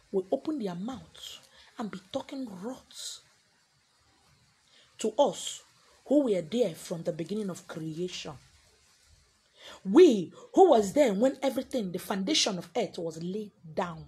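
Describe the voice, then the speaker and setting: Husky, animated Nigerian woman ranting. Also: mid-range voice, a little slow, pauses often. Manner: emphatic, defiant, preaching. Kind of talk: ranting vlog monologue.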